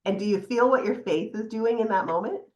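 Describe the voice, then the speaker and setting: A middle-aged woman psychotherapist talking casually as a podcast guest, animated, laughing now and then as she explains. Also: mid-range voice, brisk, dull audio. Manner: animated, laughs often, guides listener through exercise. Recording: echoey room.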